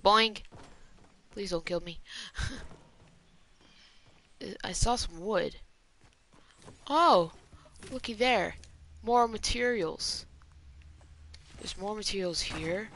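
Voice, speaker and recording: A woman giving live commentary on an online shooter game, chatting to viewers and reacting excitedly to the action. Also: medium pitch, very slow, pauses often, slight background noise. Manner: excitable, talks to viewers while playing, mild exclamations. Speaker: gaming commentator.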